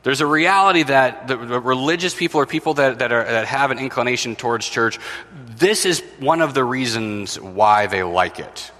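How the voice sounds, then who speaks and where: Man preaching in a church, bright tense voice, acts out quotes, echoey sanctuary. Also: medium pitch, normal speed. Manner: storytelling with acted-out quotes, self-deprecating. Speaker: pastor. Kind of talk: sermon. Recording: long hall reverb.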